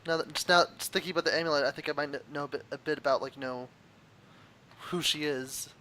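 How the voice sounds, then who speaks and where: Guy playing d&d, talks super fast, kinda high and sharp voice. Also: fairly even intonation. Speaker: player. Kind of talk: casual game chat.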